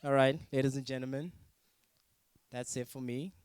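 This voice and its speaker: A man's voice: mid-range voice, steady tone, normal speed, a little mellow, clear, resonant tone, no echo. A man from Africa doing a stand-up comedy set at a student talent show, teasing the crowd and judges with mock outrage.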